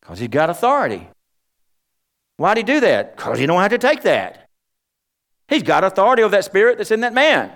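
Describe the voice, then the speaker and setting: A man's voice: high-pitched, wildly swooping pitch, fairly quick, pauses often, a bit bright. A middle-aged man preaching a sermon, folksy and humorous. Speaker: pastor.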